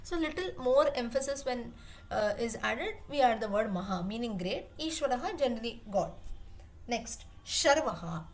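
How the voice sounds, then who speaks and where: A woman's voice: fairly high pitch, animated, moderate pace. A woman teaching a class, explaining word meanings patiently and repeating terms as she rephrases. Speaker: Sanskrit teacher.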